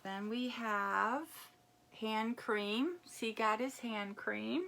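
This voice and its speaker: A woman chatting casually as she unboxes a gift package, reading labels aloud and reacting with excitement. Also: a little high, very slow, gravelly. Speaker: unboxing vlogger. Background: crinkling packaging.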